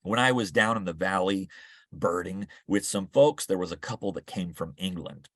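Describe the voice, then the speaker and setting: Guy, lowish voice, chatty nature slide talk, dry sound. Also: normal speed, fairly bright tone, no echo. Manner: enthusiastic, conversational with fillers. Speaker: naturalist speaker. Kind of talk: slide talk to a club meeting.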